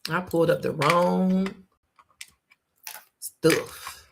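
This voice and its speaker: A woman's voice: on the low side, extremely slow, gravelly, background noise. A woman hosting a casual live talk, speaking emphatically and repeating her points, calling her listeners y'all. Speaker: host.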